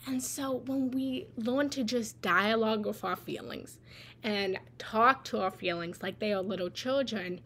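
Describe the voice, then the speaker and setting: A woman's voice: on the high side, a bit bright, slight background noise. A woman giving a live spiritual talk as a meditation teacher. She speaks conversationally and keeps checking in with "right?". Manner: conversational, tags lines with "right?". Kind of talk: live guided talk on feelings.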